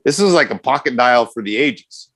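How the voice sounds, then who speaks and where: At a moderate pace and mid-range pitch, a male podcast co-host chats casually, telling stories with lots of energy and plenty of laughs.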